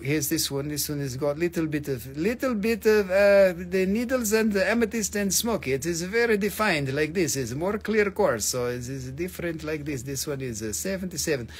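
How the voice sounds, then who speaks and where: Husky, lively man hawking crystals. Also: a little high. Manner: joking, swearing, lively asides. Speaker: live-stream crystal seller. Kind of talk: casual live sales chat.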